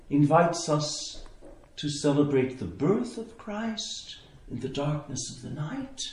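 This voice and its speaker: Slow, contemplative priest in a resonant church. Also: male voice, a little high, darkish tone, slight background noise. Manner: slow, contemplative, with long pauses. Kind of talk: sermon. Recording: echoey church interior.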